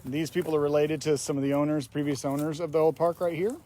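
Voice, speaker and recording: A man hosting a paranormal vlog, talking softly and reverently as he walks outdoors. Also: a little high, little pitch movement, fast. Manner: soft-spoken, reverent, reads names aloud. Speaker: paranormal investigator host. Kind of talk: casual walking vlog narration. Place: outdoor cemetery. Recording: faint outdoor noise.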